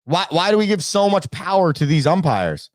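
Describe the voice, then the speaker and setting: Host-coach, high and lively, emphatic rant, dry close mic. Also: male voice, moderate pace, no room sound. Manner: emphatic, exasperated, ranting. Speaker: baseball coach and show host. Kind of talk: casual sports commentary rant.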